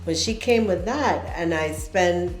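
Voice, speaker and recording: A woman from Panama, hosting a casual kitchen-table chat, speaking in a reflective way and often restarting her sentences. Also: lowish voice. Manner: slow, reflective, stops to restart. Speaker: host. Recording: echoey room with faint music.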